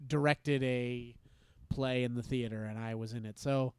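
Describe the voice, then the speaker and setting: A man telling a story in casual chat, halting and self-deprecating, laughing often. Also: mid-range voice, steady tone, darkish tone, clear, resonant tone, dry recording.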